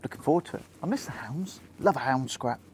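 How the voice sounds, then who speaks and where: A man's voice: medium pitch, lively intonation, quick pace, darkish tone, slight background noise. A man with a Hampshire accent giving easygoing running commentary while fishing from a small boat, chatting to the fish and the viewer. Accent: Hampshire English. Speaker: angler vlogger.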